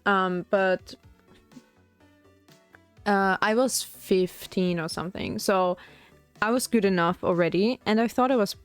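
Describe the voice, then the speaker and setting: A woman's voice: medium pitch, measured pace, long pauses, smooth, faint music behind. A young woman streaming as a VTuber, chatting in a rambling, casual way while she paints miniatures, full of "like" fillers.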